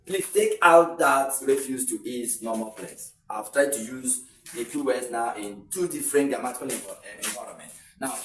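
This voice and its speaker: A man's voice: mid-range voice, normal speed, distant mic, faint music behind. A man teaching an exam-prep English lesson, saying words over with shifted stress and giving example sentences. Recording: echoey room, voice away from the mic.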